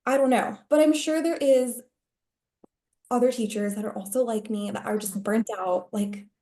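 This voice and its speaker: A woman who used to be a teacher, talking casually on a coaching call and telling rambling, animated stories full of fillers. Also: on the high side, normal speed. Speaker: coaching client, former teacher.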